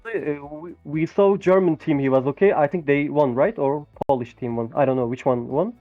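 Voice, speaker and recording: A male player answering post-game questions in a halting, hesitant way, often restarting his sentences. He comes through a thin, tinny call line with no room echo at all. Faint music sits underneath. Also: a little high. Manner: halting, hesitant, repeats words. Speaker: pro player being interviewed.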